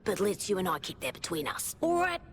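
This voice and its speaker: An actress voicing a sly, conspiratorial female robot citizen with an Australian accent, confiding and lively, in a video game. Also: medium pitch, a little fast, creaky, slight background noise. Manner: lively, confiding, drops to a whisper.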